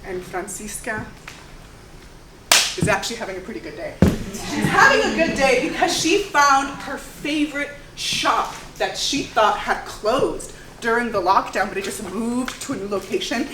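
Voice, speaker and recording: A young woman narrates family stories on stage, lively and casual, with a fairly high voice. The sound is roomy and distant, as from a live theater, with faint hiss underneath. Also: moderate pace. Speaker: storyteller performer. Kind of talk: one-woman stage storytelling.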